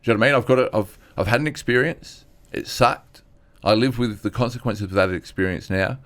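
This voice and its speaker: A man talks as a guest comedian in an interview, his voice sitting a little low. He tells his stories in a candid, rambling way and acts out other people's lines as he goes. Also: brisk. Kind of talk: candid storytelling chat.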